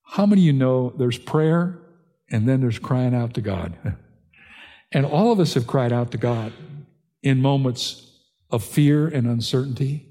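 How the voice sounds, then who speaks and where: An older man, a pastor, preaching an earnest sermon that climbs in pitch and force on key points. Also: measured pace, long pauses, mellow, in a large hall.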